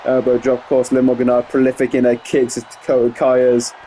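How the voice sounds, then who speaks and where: A man giving play-by-play commentary over a wrestling video game, getting excited on big moves and rambling into asides full of fillers. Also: medium pitch, fairly quick, a little hiss or hum. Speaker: gameplay commentator.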